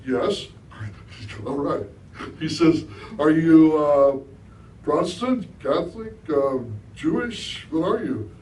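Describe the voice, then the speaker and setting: A middle-aged man with a somewhat high voice gives a relaxed spiritual talk, often turning to his audience with questions. He sounds set back from the mic, and the hall around him echoes, with a faint hiss of room noise. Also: distant mic. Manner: conversational, asks the audience questions. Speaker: guest speaker.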